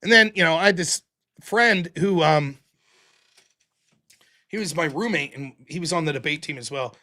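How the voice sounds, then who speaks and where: In a casual monologue, an American man in his forties hosting a show tells raucous, profane stories, impersonating the people who appear in them. His voice sits on the high side, bright and pushed, at a moderate pace.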